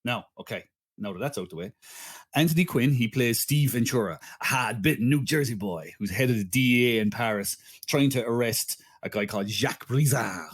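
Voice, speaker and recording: A man hosting a casual comedy podcast, rambling through a film plot with restarts and asides. His voice sits at a middling pitch, easy and conversational, with chatty self-interruptions. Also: animated, a little fast, husky. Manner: rambling, stumbling restarts, frequent laughter. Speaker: podcast host.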